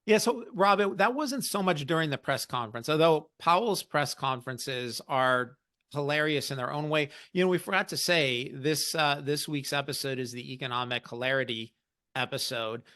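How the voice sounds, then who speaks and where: A man's voice: on the high side, normal speed, pushed and bright, clear, resonant tone. A man hosting an investing podcast, explaining market news in a casual, wry way. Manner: explanatory, wry, quotes others in mock voices.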